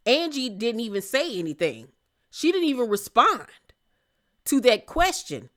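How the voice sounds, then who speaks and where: A woman recapping a reality TV episode in casual commentary, sassy and animated, laughing and exclaiming as she goes. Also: a little high, measured pace.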